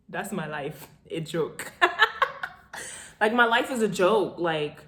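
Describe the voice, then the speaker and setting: A young woman in her twenties tells a story for her vlog, talking casually and dramatically. Her voice is animated and playful, and she often breaks into laughter. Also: mid-range voice, slow, reverberant. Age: 20s. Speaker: vlogger.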